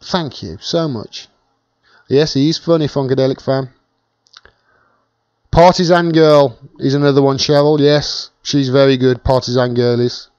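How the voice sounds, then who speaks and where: A chatty British man hosts a casual live-stream Q&A, talking at an average pitch. His voice is close and dry, with no room sound around it. The audio is dull and lo-fi, like a home webcam stream. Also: steady tone, measured pace, a little mellow, clear, resonant tone, dry recording. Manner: chatty, thanks viewers by name while reading comments.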